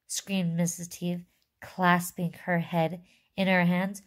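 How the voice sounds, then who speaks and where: A woman teacher reading a chapter book aloud to her fourth-grade class, expressive and asking them questions. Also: lowish voice, slow.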